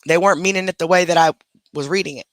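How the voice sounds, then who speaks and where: A woman's voice: fairly low pitch, racing, dry recording. A woman hosting a livestream, reacting defensively and with sass to a critic. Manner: defensive, sassy, chatty. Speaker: livestream host.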